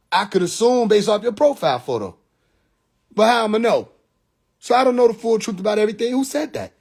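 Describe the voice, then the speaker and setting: Speaking into his phone for a live stream, a young man from Atlanta with a Southern US accent delivers a rambling, preachy, and mocking monologue. He keeps firing off rhetorical questions laced with profane slang, in a high voice.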